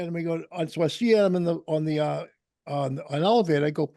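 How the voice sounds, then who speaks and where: A middle-aged man with a New England accent, a podcast host telling rambling, animated anecdotes in casual chat. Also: a little high, quick pace, no echo, studio quality.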